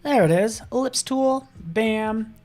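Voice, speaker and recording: A man giving a live software tutorial, upbeat and chatty, often checking in with "right?" as he works on a drawing. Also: sits high, expressive, unhurried, soft background music. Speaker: design instructor.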